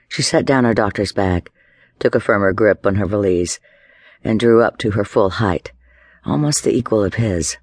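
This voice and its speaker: A man giving a measured, dramatic scripted narration of a story. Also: on the low side, a little mellow, no echo, clean studio sound. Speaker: audiobook narrator.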